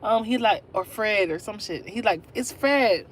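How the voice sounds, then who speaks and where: A young woman in her twenties hosts a casual livestream. She sits at an ordinary mid pitch and tells a story straight to her viewers in a chatty way. Faint noise hums behind her. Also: normal speed. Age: 20s. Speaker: livestream host.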